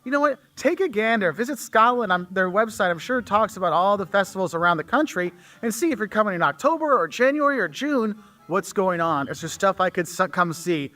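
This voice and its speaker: A man's voice: high voice, lively intonation, fairly quick, hardly any pauses, bright, forceful tone. A man giving casual travel advice straight to the camera, chatty and checking in with the viewer. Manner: chatty, repeats 'okay?' to the viewer. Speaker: travel video creator.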